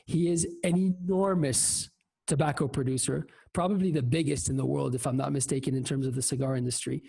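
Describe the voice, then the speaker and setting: Husky, gravelly man hosting a show. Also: on the high side, dark tone. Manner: informal, swears, slow emphatic announcements. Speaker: host.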